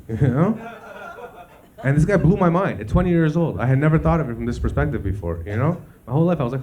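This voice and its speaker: Audience laughter and slight background noise surround a Canadian comedian performing live in a comedy club. His mid-range, darkish voice moves fast with lively intonation. He stays loose and conversational, tossing "you know" between lines.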